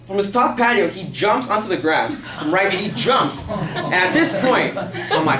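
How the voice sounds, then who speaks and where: Fast-talking young man telling a story. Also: high-pitched, animated, crowd noise. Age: young adult. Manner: rambling, fills speech with "like" and profanity. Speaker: student storyteller. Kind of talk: casual personal storytelling. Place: classroom. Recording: echoey classroom, mic far off, faint hiss.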